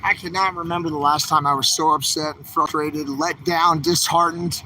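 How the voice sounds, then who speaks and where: A man's voice: a little high, steady tone, moderate pace, sharp tone, a little hiss or hum, poor audio. Agitated man ranting outdoors. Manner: agitated, ranting, exhorting viewers. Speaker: livestreaming activist vlogger. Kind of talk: angry street vlog to camera. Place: city street outdoors.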